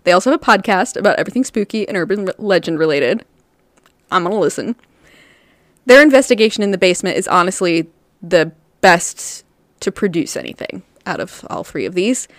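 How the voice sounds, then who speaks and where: A woman's voice: lowish voice, lively intonation, brisk, no room sound. Giggly woman host, dry close sound. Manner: laughs often while recounting. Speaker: podcast co-host. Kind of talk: casual storytelling chat.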